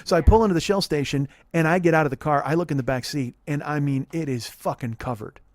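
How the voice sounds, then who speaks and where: A man in his forties tells a story at a fast clip, swearing and building his rants. His voice sits a little high. The sound is dry and close. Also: no echo. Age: 40s. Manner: profane, animated storytelling. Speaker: comedian telling a story. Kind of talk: storytelling comedy podcast.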